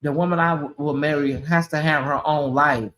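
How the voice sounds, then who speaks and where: A man's voice: a little high, fairly even intonation, normal speed, fairly bright tone. A man hosting a casual livestream chat, sassy and chatty, calling his listeners honey and y'all. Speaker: channel host.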